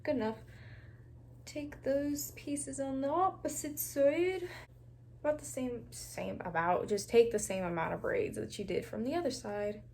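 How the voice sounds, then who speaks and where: A woman's voice: high voice, a little slow, a little mellow, a little hiss or hum. A young woman chatting casually through a braid-styling tutorial at home, talking straight to viewers and sometimes dropping to a near whisper while she works. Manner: chatty, talks straight to viewers as "girl" and "y'all", laughs often; drops to a near whisper while twisting hair. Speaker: hair tutorial vlogger. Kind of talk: casual hair tutorial chat.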